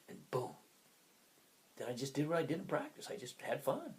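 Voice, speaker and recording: An older man in his sixties coaching and motivating in a loose, chatty way. His pitch leaps up and drops all over, and he wanders off on tangents, flipping from sudden loud bursts to near-whispered asides. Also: wildly swooping pitch, normal speed. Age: 60s. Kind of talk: casual motivational talk.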